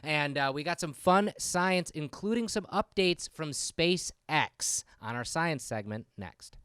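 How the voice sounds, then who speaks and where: A man hosts a casual podcast, talking in an animated, rambling way and breaking into laughs. His voice is a bit high and swings widely in pitch. It sounds smooth and clear in a dry room. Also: slow, no room sound. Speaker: podcast host. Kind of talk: casual chat.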